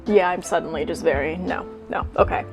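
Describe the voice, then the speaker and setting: A woman's voice: fairly low pitch, fairly quick, darkish tone, soft background music. A woman hosting a video, mixing wry, sarcastic commentary with reading a story aloud. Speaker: fanfic reading host.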